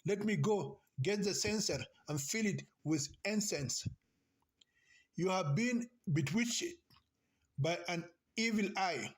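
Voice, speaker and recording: A man reading the lines of an older aunt in a novel, superstitious, bossy and caring, in a slow and earnest delivery. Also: high-pitched, expressive. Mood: insistent.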